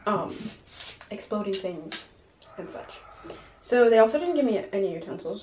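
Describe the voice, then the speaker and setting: A woman's voice: medium pitch, expressive, moderate pace, pauses often, darkish tone. A young woman from New York chatting casually while eating, full of ums and likes, her voice a little shaky from hunger. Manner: chatty, many fillers like "um" and "like". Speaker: mukbang vlogger. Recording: echoey room with faint noise.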